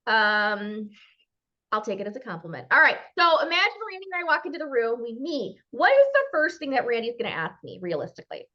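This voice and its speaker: Woman, Minnesota accent, high bright voice, very animated pitch, playful speaker on a muffled video call. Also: a little fast. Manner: lively, playful, acts out little dialogues. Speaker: guest speaker.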